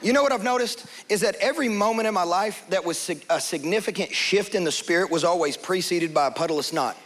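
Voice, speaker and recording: Young pastor, high voice, lively storytelling sermon. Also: male voice, fast. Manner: storytelling, animated, acts out quoted voices.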